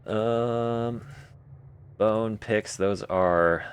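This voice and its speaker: A man's voice: lowish voice, very slow, clean tone. A man live-streaming a game, joking and thinking aloud as he answers chat. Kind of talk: casual live-stream chat while playing.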